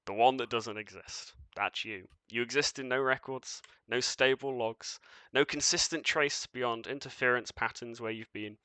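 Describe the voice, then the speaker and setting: A man voicing a cold, commanding being of shifting light in a tabletop game, speaking in measured, formal pronouncements. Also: medium pitch, bright, forceful tone, clean tone, no room sound, natural voice. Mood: dry.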